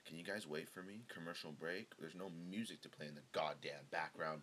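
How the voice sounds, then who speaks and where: A man's voice: low-pitched, a little fast, hardly any pauses, fairly bright tone, a little hiss or hum. A man hosting his own show, chatting casually in a rambling, profane, joking way while drinking beer. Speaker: podcast host. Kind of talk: casual solo chat.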